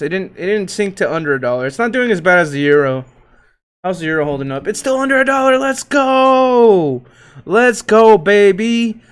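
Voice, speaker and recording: Reading tickers on his casual crypto livestream, this man with a slightly higher-than-average voice rattles off market numbers, joking in loose slang, cursing freely, and bursting into hype shouts and laughter. His tone is clean.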